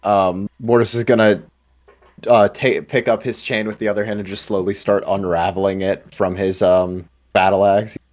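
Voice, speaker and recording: A man's voice: on the low side, little pitch movement, moderate pace, darkish tone. A man playing a tabletop game, describing his character's actions hesitantly with many fillers. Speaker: player.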